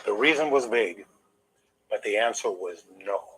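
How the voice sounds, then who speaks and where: A man's voice: on the low side, animated, moderate pace, a bit bright, a little hiss or hum, rough recording. An older man, an interview guest, telling a long personal story in an emphatic, aggrieved way while holding back emotion.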